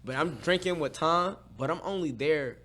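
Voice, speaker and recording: A man co-hosting a podcast, telling a story in casual chat, animated and laughing often, his voice jumping high when he gets excited. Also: moderate pace. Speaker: podcast co-host.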